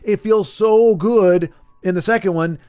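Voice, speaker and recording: A man's voice: sits high, a little slow, mellow, smooth, soft background music. Chatty, rambling male game streamer. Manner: rambling, joking, self-correcting. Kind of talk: casual live-stream chat.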